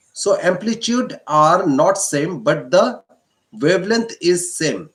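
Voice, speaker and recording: Indian guy teaching physics online, talks slow, repeats stuff, bouncy up-and-down voice. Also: sits high, expressive, a bit bright. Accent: Indian English. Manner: slow, repetitive explaining. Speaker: science teacher.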